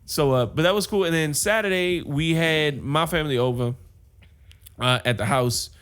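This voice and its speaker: A male podcast co-host tells stories in casual chat, laughing often and acting out quotes with animation. His fairly high voice is clear and resonant, at normal speed.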